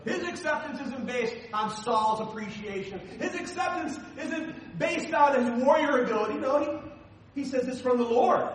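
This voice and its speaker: A male pastor delivering a sermon in an animated, conversational way, full of rhetorical questions. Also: very high voice, distant mic, a little hiss or hum. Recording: echoey hall, from afar, faint ambience.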